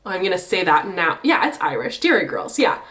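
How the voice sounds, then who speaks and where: A woman giving chatty, opinionated commentary in a casual vlog, her pitch swinging up when she makes a point. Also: very animated, a little fast, a bit bright. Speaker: book and TV vlogger.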